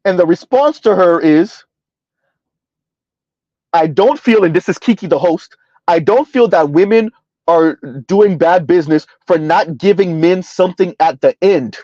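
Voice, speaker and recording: A man's voice: high-pitched, mellow, no echo, lo-fi sound. A man hosting a reaction commentary, talking emphatically and sarcastically, drawing out words for effect and often tossing in a rhetorical "huh?". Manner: emphatic, sarcastic, drawn-out repetition with frequent "huh?". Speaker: commentary channel host. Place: South Florida.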